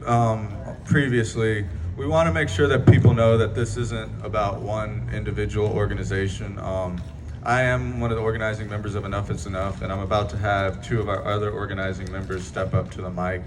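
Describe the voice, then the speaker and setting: Man emceeing an outdoor rally, steady and unhurried, over plainly audible background noise. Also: on the low side. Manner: measured, with hesitant fillers. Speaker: protest organizer and emcee. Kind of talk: rally announcements.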